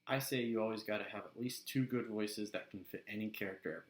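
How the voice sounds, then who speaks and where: A man casually sharing voice acting tips in a relaxed, chatty way. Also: lowish voice, fast talker, echoey room, low-quality recording. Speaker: voice actor giving tips. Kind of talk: casual instructional vlog.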